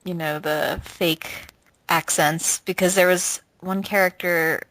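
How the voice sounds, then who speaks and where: A woman chatting casually, quick to laugh and chime in. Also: lowish voice, fairly even intonation, fairly bright tone, rough recording. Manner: laughs often, quick interjections. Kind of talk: casual chat.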